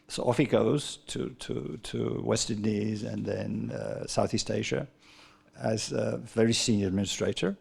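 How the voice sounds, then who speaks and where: A man's voice: fairly low pitch, fairly even intonation, normal speed, vocal fry, darkish tone, husky. A man giving a rambling, anecdotal talk about his book at a literary festival, often stumbling and repeating words. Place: live literary festival event.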